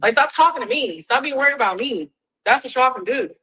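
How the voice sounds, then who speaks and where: A woman's voice: high voice, lively intonation, a little fast, sharp tone, breathy edge, poor audio. A defiant young woman ranting profanely on a phone livestream, repeating herself often. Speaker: reality TV personality on a livestream.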